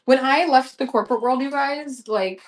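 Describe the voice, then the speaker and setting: A woman's voice: high voice, normal speed. A young woman with a chatty, gushing manner, full of slang and fillers, selling clothes on a live stream.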